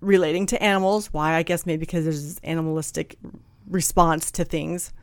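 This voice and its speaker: A woman telling a personal story in a candid, blunt, animated way, acting out what people said. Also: deep voice, brisk, clear, resonant tone, no room sound. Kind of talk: casual storytelling chat.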